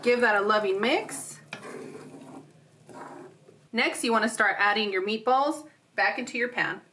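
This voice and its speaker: A woman demonstrates a recipe on her home cooking show, going step by step with playful chatter and frequent laughter from her home kitchen. She speaks unhurriedly in a slightly high voice with a sharp tone.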